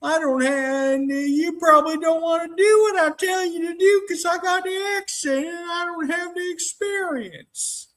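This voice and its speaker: A man putting on a folksy older Southern man with a Southern US accent, in a high, drawling voice. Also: fairly even intonation, normal speed, few pauses, a bit bright.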